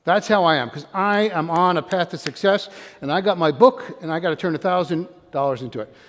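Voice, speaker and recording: An energetic older male motivational speaker with a fairly high voice talks a little fast, quizzing his audience and calling on them to join in. A long hall reverb makes his voice ring as though he is in a large room.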